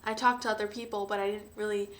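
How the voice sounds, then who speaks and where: A young woman talking hesitantly and emotionally to camera, with frequent sighs and pauses. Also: mid-range voice, level tone, a bit bright. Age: young adult. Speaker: vlogger. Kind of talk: personal confessional vlog.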